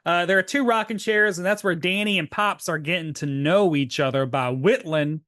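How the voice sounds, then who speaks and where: A man's voice: high voice, moderate pace, dry recording, studio quality. A man from Tennessee co-hosting a podcast, chatting casually about an old sitcom episode and acting out its lines. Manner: animated, laughs often, acts out quotes. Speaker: podcast co-host. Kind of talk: casual chat recapping a TV episode.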